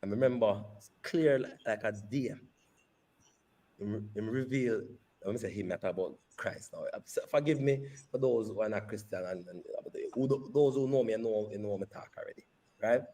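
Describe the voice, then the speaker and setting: A man, a company CEO, telling a personal story in an interview with animated, repeated phrases. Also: lowish voice, moderate pace. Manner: animated retelling that repeats phrases and slips into patois.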